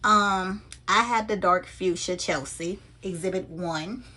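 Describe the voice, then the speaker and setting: A woman handbag vlogger chatting casually and with animated energy to her viewers while unboxing a bag. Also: lowish voice, slow.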